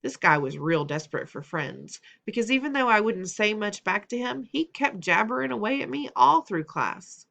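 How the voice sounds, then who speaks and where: A woman reads a children's novel aloud as an audiobook narrator. Her telling is expressive and steady, at a middle pitch. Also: moderate pace, vocal fry, hardly any pauses.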